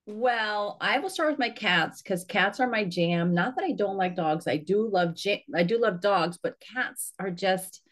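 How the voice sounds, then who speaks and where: A woman's voice: mid-range voice, expressive, unhurried, hardly any pauses. A woman author chatting casually as a podcast guest, talking fondly and laughing easily. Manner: chatty and warm about her pets, with laughs.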